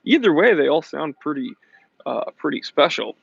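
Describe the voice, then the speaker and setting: A chatty American man with a somewhat high voice hosts a relaxed live-stream chat, reading out viewer comments with an upbeat, laughing manner. He is recorded outdoors with dry, close sound. The audio is a little dull and lo-fi. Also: normal speed, creaky, breathy edge, no echo.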